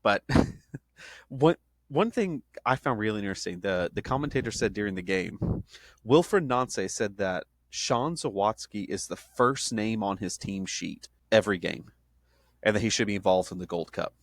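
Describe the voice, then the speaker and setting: Low-voiced man, rambling podcast co-host. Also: animated, moderate pace, no room sound. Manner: rambling, self-interrupting, joking. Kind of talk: casual sports chat.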